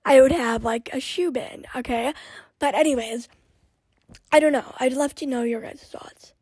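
A woman's voice: high voice, moderate pace, a little mellow, breathy edge, dry recording. A young woman hosting her own podcast, chatting casually and rambling with lots of fillers and restarts. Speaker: podcast host. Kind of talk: casual chat.

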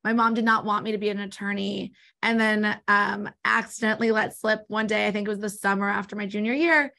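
A woman with a Californian accent, an estate planning attorney answering interview questions in a quick, explanatory way. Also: medium pitch, steady tone, creaky, bright, forceful tone. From born in New York, raised in Los Angeles. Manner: talks fast, explanatory.

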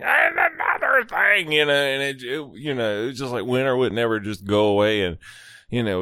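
A man's voice: mid-range voice, fairly bright tone, no echo, studio quality. A man hosting a casual radio show, rambling and chuckling, with casual swearing as he tells a story. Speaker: radio host.

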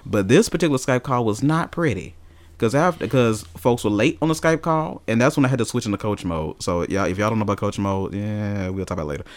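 Animated storyteller man, low voice. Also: fast. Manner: animated storyteller, swears freely. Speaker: podcast co-host. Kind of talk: casual chat.

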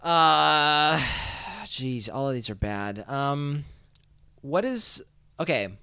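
A young man chatting casually on a voice call, loud, teasing and swearing often, laughing easily. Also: on the high side, animated, drawn-out words, creaky, clear, resonant tone, no echo. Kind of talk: casual chat.

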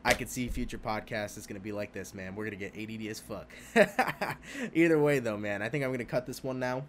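A young man hosting a podcast, talking alone in a rambling, profane, animated way about spirituality, laughing often. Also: on the low side, fast talker, slight background noise. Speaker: podcast host. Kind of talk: casual spiritual podcast monologue.

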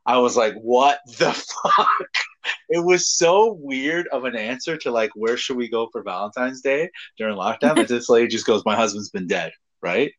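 A man's voice: mid-range voice, moderate pace, lo-fi sound. A man co-hosting a casual podcast, telling crude stories with lots of laughter and swearing. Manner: animated storytelling, laughs often, swears freely. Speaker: podcast co-host.

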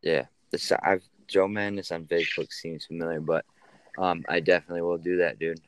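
Low-voiced chill guy on a video call, smooth tone, friendly and easygoing. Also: level tone, fairly quick, a bit bright, dry recording, rough recording. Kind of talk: casual video chat.

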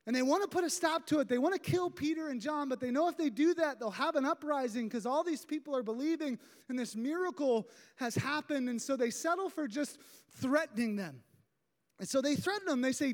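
A pastor preaching a sermon in a church sanctuary, retelling a story in an animated, emphatic way. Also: sits high, moderate pace. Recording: long hall reverb.

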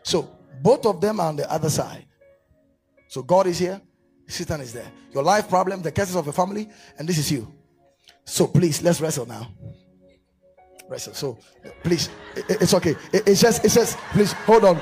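This preacher's voice is on the high side, moving at a moderate pace with long pauses while faint music plays behind. He delivers a live sermon with a staged demonstration to a church congregation, directing volunteers and building from animation to fervent shouted prayer.

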